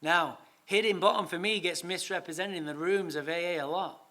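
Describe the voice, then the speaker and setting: An English man speaking at a recovery meeting, telling his own story in a lively, comic way and swearing freely. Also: high-pitched, a little fast. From England. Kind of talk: storytelling talk.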